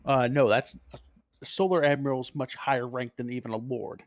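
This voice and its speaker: A man's voice: medium pitch, steady tone, normal speed, dry recording. A man co-hosting a casual podcast, explaining game lore in a rambling, profane way and correcting himself as he goes.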